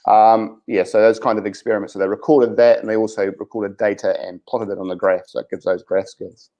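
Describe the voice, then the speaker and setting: A man's voice: fairly low pitch, level tone, a little fast, mellow, rough recording. A man with a New Zealand accent, a science teacher, speaking hesitantly with many ums on a video-call webinar. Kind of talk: webinar chat about remote teaching.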